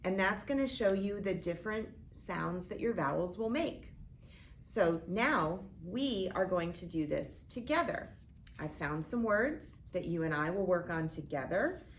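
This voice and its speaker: A woman teacher walks through a phonics lesson in a somewhat low voice, speaking slowly and deliberately. She sounds out each part of a word with care. Faint room noise hums under the recording. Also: expressive. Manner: slow, deliberate, sounding out words.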